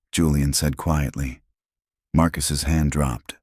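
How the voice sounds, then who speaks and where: A man narrating a scripted drama story in a measured, dramatic way. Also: rumbling low, a little mellow, slightly rough, no echo, clean studio sound.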